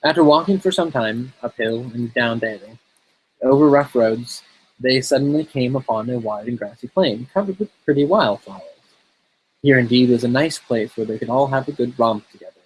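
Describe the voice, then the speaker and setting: A man casually reading a fairy tale aloud in a relaxed, steady way. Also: mid-range voice, moderate pace, slightly rough, poor audio. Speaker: storyteller.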